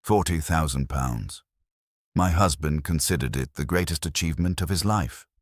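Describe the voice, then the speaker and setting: A man's voice: normal speed, dry recording, clean studio sound. Man reading a frightened, elegant young woman. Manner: low-voiced, anxious, composed under strain.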